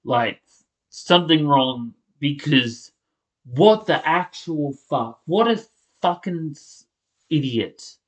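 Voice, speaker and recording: A man's voice: fairly high pitch, lively intonation, slow, dull audio. A man angrily reacting to a video, swearing and cutting off his own words as he rants. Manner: furious, swearing, blurting, restarting words. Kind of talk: angry reaction rant.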